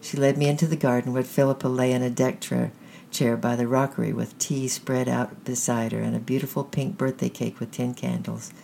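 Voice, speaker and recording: A storyteller reading a children's story aloud at a measured, gentle pace. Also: medium pitch, level tone, creaky, slight background noise.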